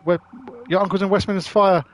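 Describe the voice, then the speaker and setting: A man's voice: sits high, steady tone, brisk. A man, streaming a driving game and bantering casually with friends, swearing as he goes. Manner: chatty, jokey banter with swearing. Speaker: gaming streamer. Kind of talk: casual live-stream commentary.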